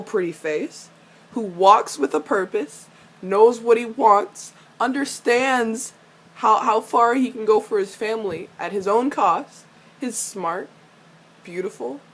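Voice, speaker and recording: Here a fan reviewer reacts to a TV episode in a loose, casual recap, and she's a young woman who swears freely. Excitable and quick to laugh, she alternately gushes over the characters and rants at them, her voice jumping to a high squeal when she gets worked up.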